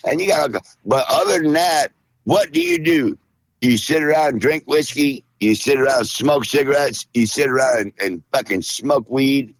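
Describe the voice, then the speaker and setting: A middle-aged man hosting a podcast, griping and rambling in profane, gruff comedic banter. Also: mid-range voice, no echo. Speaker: podcast host.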